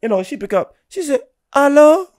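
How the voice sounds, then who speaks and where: A young man from Guinea, a podcast guest telling a story in casual chat, animated and laughing, often checking in with "right?". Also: very high-pitched, a little fast, creaky.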